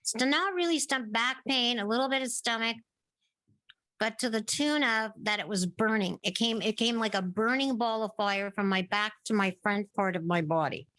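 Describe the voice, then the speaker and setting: A woman's voice: on the high side, normal speed, pushed and bright, no room sound. Middle-aged woman telling a long story. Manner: narrates at length, acting out remembered dialogue. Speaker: podcast guest. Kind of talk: casual interview storytelling.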